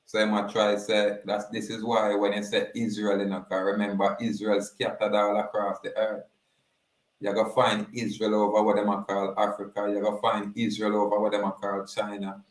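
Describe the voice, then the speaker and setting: A Jamaican man gives casual spoken commentary in a low, even voice with little rise or fall, speaking at a moderate pace. His patois delivery is steady and low-key, and he checks in with listeners along the way. The room around him echoes.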